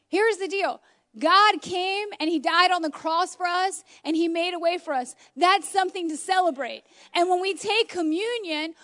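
Passionate woman preacher, very high voice, exclamatory, recorded on a phone at home. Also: fairly bright tone. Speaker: homeschool mom preaching. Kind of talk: informal sermon.

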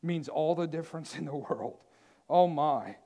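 A man preaching a sermon, emphatic and repetitive, swinging between loud declarations and hushed asides. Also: fairly high pitch, measured pace.

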